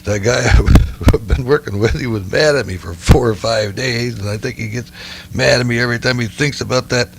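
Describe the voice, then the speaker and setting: Gravelly older man spinning rambling yarns. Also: mid-range voice, fairly quick, heavy background noise. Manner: rambling anecdotal, frequent "well, anyway". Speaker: retired game warden. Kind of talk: dictated memoir storytelling. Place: indoors, dictating into a recorder. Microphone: home tape recorder.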